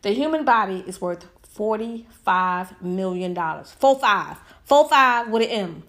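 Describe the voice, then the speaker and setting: A woman's voice: medium pitch, animated, a little slow, fairly bright tone. A woman giving a heated, emphatic opinion monologue full of rhetorical questions. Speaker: commentator.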